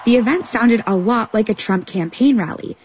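A woman correspondent reading a radio news report in a measured, clear voice. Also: a little high, darkish tone, highs cut off, a little hiss or hum.

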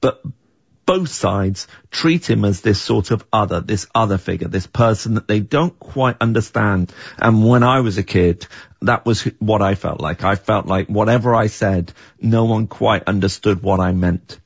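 A middle-aged man speaks in a low, gravelly, somewhat husky voice, thinking aloud as a series creator in an interview. The recording is dry and a little dull and lo-fi. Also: normal speed, dry recording. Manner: thoughtful, with frequent restarts. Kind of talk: reflective interview answers.

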